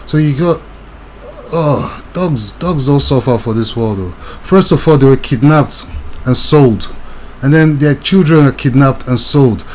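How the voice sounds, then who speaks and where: A man's voice: medium pitch, measured pace, darkish tone, a little hiss or hum, rough recording. A young man, ranting agitatedly and talking straight to the viewer in video commentary.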